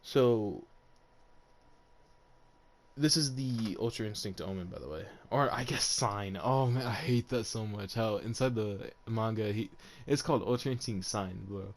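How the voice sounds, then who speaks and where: A man's voice: lowish voice, a little slow, a little hiss or hum. A young man casually telling an unscripted fan story, rambling with lots of fillers and frequent laughs. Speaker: YouTuber.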